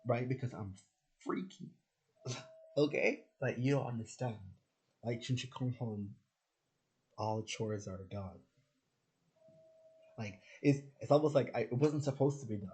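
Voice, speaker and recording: Guy from jamaica ranting on camera, swears a lot, keeps saying like, warm mellow voice. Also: mid-range voice, a little slow, pauses often, rough recording. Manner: rambling, profane, frequent "like" and restarts. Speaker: spiritual content creator. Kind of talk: casual ranting monologue.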